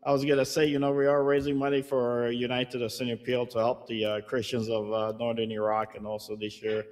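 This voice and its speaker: A man hosting an interview, friendly and halting, with many fillers. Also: medium pitch, flat delivery, a little mellow. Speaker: podcast host.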